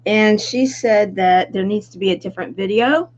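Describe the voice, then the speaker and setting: A woman's voice: medium pitch, moderate pace, dull audio. A woman hosting a live charity stream, apologizing and improvising through a video change. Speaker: host.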